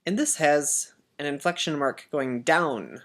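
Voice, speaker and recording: In a slow classroom-style language lesson for children, a man patiently spells out words and has the learners repeat after him. His voice is on the high side, expressive, a bit bright, and a little slow.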